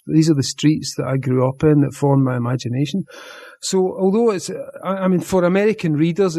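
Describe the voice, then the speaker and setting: A Scottish man from Glasgow in his fifties, speaking a little higher than most men. He talks casually with a dry, teasing wit and laughs often. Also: warm tone. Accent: Glaswegian Scottish. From Scotland. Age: 50s. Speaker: guest, comic writer. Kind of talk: casual podcast interview.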